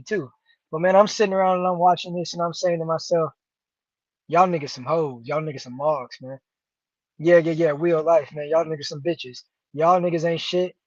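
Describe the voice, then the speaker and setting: A man's voice: on the high side, no echo. A man hosting a show, delivering a profane, preachy rant and addressing listeners as "homie". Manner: preachy, repeats "homie" and "nigga", builds rhetorically. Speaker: show host. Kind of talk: profane ranting commentary. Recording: dull lo-fi dry sound.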